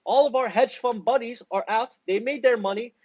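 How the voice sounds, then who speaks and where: A man's voice: very high voice, moderate pace, a little mellow, no room sound, lo-fi sound, pitched above the performer's own voice. A man putting on the voice of a smug, dismissive broker in mockery. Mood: mocking breezy. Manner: mocking, offhand, breezy.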